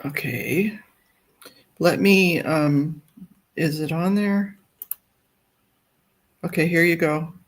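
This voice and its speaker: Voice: medium pitch, very slow, long pauses. A livestream host in casual chat, thinking aloud while fumbling with files on a computer.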